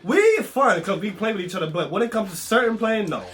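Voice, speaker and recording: A man's voice: high-pitched, lively intonation, a little fast, crowd noise. A man chatting loosely with his girlfriend in a couple vlog, slangy and full of swearing. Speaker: vlog co-host, boyfriend. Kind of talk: casual couple chat.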